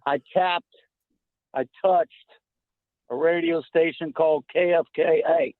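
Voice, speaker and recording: A man's voice: on the high side, steady tone, a little slow, no room sound. Guy calling into sports radio, brash and joking, phone line sound. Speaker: radio caller. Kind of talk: casual call-in chat.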